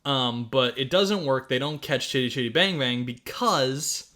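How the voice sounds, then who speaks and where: A man's voice: medium pitch, unhurried. A young man co-hosting a podcast, chatting casually about a film with lots of laughter and swearing. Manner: animated, laughing, swearing, putting on silly voices. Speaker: podcast co-host. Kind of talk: casual chat reviewing a film.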